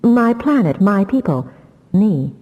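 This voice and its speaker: A woman's voice: medium pitch, big pitch swings, slow pace, big-room sound, dull audio, voice pushed up. A woman voicing a passionate, defiant young telepath who pleads and cries out. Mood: guarded. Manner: pleading, strained, near shrieking.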